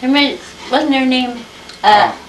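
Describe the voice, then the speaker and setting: Older woman, unhurried chatty storyteller; distant mic in a roomy home. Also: high-pitched, background noise. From Iowa, USA. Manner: unhurried, chatty, acts out old conversations. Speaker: interviewee telling family history. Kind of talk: reminiscing storytelling.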